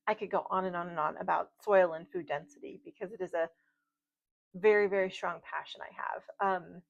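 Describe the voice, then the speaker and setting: Chatty woman tarot reader, gravelly. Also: on the low side, moderate pace, pauses often. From United States. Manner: chatty, rambling, warm-hearted asides with light laughs. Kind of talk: casual tarot reading monologue. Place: home at night, outdoor noise faint. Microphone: video call style home recording. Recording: slightly dull, lo-fi home recording.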